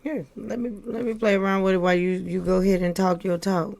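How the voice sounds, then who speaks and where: A woman's voice: medium pitch, steady tone, fast, creaky, a crowd in the background. A woman from Missouri co-hosting a podcast, chatting casually about wrestling with blunt, teasing opinions. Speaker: podcast co-host.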